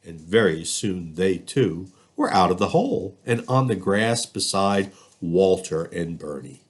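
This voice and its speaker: A man reading a children's storybook aloud, expressive and lively in his storytelling. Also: sits low, measured pace, breathy edge. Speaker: school district reader.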